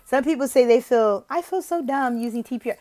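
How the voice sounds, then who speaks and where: A woman teaching online, explaining interview tips in a chatty way and switching to an exaggerated, gasping teacher voice in her demos. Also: fairly high pitch. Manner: lively, exaggerated teacher voice in the demos, with gasps and drawn-out questions; chatty, uses fillers like "like" and "you know". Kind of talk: casual tutorial with demo teaching.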